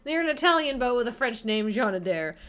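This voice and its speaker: A woman's voice: fairly high pitch, sing-song, fairly quick, a bit bright. A woman hosting a casual stream, rambling and playful, giggling through improvised mock commercials. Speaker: stream host.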